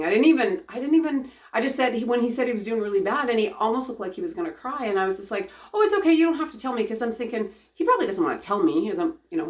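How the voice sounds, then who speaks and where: A middle-aged woman giving a personal testimony, talking earnestly and haltingly, often restarting her sentences. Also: mid-range voice. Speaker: ministry founder and coach.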